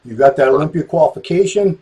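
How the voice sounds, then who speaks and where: A man hosting a casual interview in a relaxed way. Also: on the high side, fast talker, husky. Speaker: interview host.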